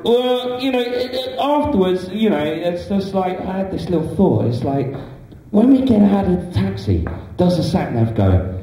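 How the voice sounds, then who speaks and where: A man's voice: high voice, animated, moderate pace, warm tone, a little hiss or hum. A young man doing a stand-up comedy set, chatty and rambling with many fillers. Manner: chatty, rambling, full of "you know" fillers. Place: small indoor comedy club stage. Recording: echoey club from a distant camera.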